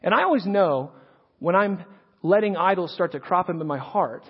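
Speaking at a moderate pace in a high, slightly rough voice, a preacher in his thirties who also teaches high school tells stories through an earnest, conversational sermon. He frequently repeats words as he restarts. The recording is lo-fi and dull, with long reverb from the hall.

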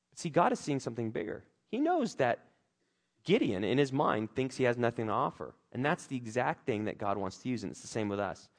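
A man preaching a sermon, acting out scripture characters with big swings in his voice. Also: brisk. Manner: animated, acts out characters' lines with big pitch swings. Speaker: pastor.

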